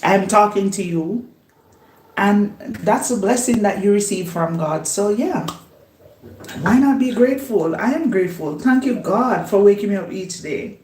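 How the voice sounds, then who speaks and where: A woman vlogger chatting casually while she cooks, unhurried, laughing often and talking herself up. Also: mid-range voice, animated, a little mellow, slight background noise. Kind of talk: casual chat while cooking. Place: home kitchen. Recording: roomy echo.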